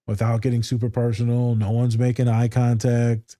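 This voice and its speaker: A man's voice: medium pitch, completely flat delivery, moderate pace, warm tone, dry recording, studio quality. A man who works as a therapist, co-hosting a podcast in loose, profane chat, telling stories with lots of energy, swearing freely and laughing often. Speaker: podcast co-host.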